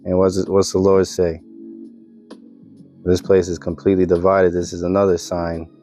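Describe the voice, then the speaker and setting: A man's voice: low voice, level tone, moderate pace, warm tone, faint music behind. A man giving casual religious commentary on videos, reading scripture and ending remarks with "man".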